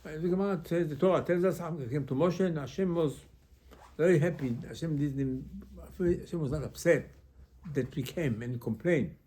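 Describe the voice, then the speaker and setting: Male rabbi, conversational Torah teacher, warm mellow tone, halting phrasing. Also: a little high, husky. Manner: conversational, asks rhetorical questions. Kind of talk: informal Torah class.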